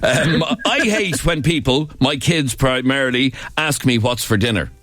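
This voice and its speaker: A man's voice: medium pitch, measured pace, a bit bright, no echo. A man hosting a phone-in talk radio show, chatty and teasing, laughing easily with callers. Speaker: radio host.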